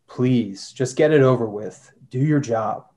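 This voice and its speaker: A man's voice: medium pitch, a little slow, a little mellow, natural voice. A man reading as a shot, wheezing spy who begs. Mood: pleading. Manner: plain reading voice, barely acted. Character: wounded male spy pleading, gasping for breath.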